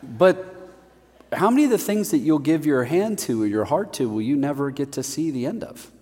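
A male pastor giving a sermon in an animated, conversational way with self-deprecating humor. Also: a little high, moderate pace, long reverb tail.

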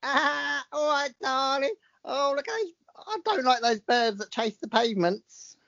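A podcast host putting on a brash working-class London woman in a high, squawking voice, as a celebrity impression. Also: a little slow, gravelly, a bit bright, dry recording, heavily acted. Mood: fussy. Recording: dull muffled sound.

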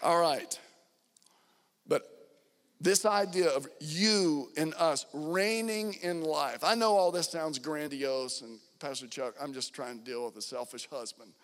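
A middle-aged man preaching a sermon as pastor, with fervent emphasis that rises loud on key lines. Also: on the high side, a little slow, some chatter behind. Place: church sanctuary. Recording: long hall reverb.

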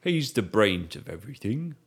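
A man's voice: fairly low pitch, very animated, moderate pace, vocal fry, slightly rough, heavily acted. A man voicing a big, strong and friendly adventurer in a tabletop role-play, cheerful and eager to help.

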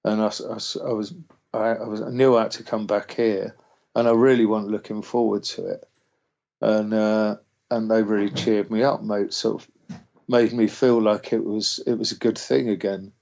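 Gravelly man rambling through stories. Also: fairly low pitch, flat delivery, moderate pace, a little mellow. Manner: rambling, swears freely, acts out quotes. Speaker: musician guest. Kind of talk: casual storytelling. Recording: dull lo-fi sound.

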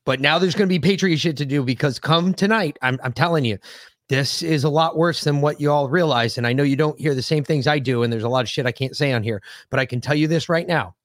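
A man's voice: a little high, fast, no echo, studio quality. Heated, profane man ranting. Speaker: podcast co-host. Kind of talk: casual political podcast chat.

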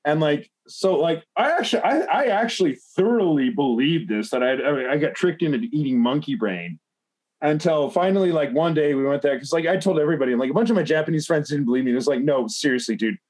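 A man's voice: a little high, expressive, fast, a little mellow. A man telling a long personal story in casual podcast chat, rambling with lots of fillers and swearing.

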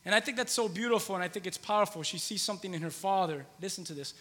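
A man's voice: sits high, very fast, sharp tone, big-room sound. A man in his thirties preaching a conversational sermon in a church, repeating phrases for emphasis. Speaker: pastor. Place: church hall with long reverb.

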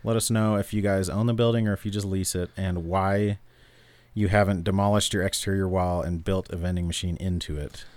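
A man's voice: deep voice, steady tone, fairly quick, a little mellow, no room sound. A man from New Mexico co-hosting a casual chat, rambling through stories with lots of fillers. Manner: rambling, filler-heavy storytelling. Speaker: podcast co-host.

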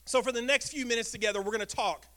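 High, bright-voiced man preaching. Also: rapid-fire. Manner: lively, engaging the congregation with questions. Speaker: pastor. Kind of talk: sermon. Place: church sanctuary.

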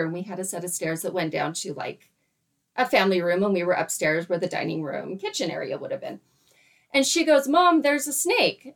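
A woman in her thirties, animated, laughing often as she tells a story in casual chat and acts out her own quoted lines. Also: mid-range voice. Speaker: guest storyteller.

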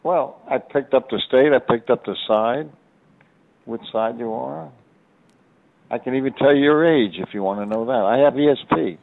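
A man on a call-in line boasts and insists, going over the same claims again and again. His voice comes through a dull, lo-fi connection with a middling pitch. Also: normal speed, creaky, no room sound. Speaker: caller.

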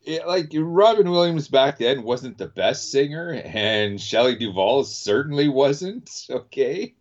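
A laid-back man co-hosting a casual podcast, his pitch rising and falling freely as he talks. He rambles in an easygoing way. The recording is muffled and lo-fi. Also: lively intonation, slow. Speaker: podcast co-host. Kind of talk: casual chat. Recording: dull, lo-fi recording.

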